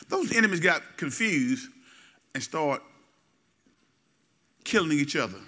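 A middle-aged male pastor preaching a sermon, repeating phrases and calling for responses, swinging from low asides to loud exhortation. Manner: repetitive, call-and-response preaching.

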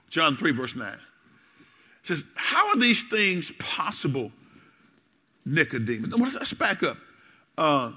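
Bright, high-voiced preacher in a reverberant hall. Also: male voice. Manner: call-and-response questions to the congregation. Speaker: pastor. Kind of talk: sermon.

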